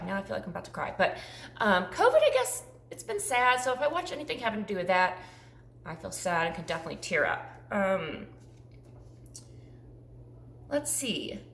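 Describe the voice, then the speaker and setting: A woman's voice: medium pitch, a bit bright, reverberant, a little hiss or hum. A woman in her forties chatting casually through a tag video, rambling with frequent ums. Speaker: YouTuber.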